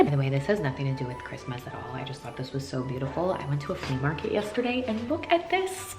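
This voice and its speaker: A young woman vlogging casually, gushing and excitable with frequent gasps and giggles, over background music. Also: extremely low pitch, quick pace, few pauses. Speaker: lifestyle vlogger. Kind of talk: casual vlog chat.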